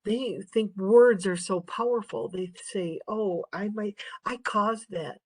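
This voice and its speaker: A woman's voice: medium pitch, slow. A middle-aged woman giving a casual nursing lecture, chatty and full of stories, laughing often. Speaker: nursing instructor.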